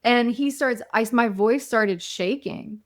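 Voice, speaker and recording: A woman's voice: fairly high pitch, takes it slowly, no room sound, studio quality. A woman guest on a podcast, telling personal stories in a reflective, earnest way. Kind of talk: casual conversation.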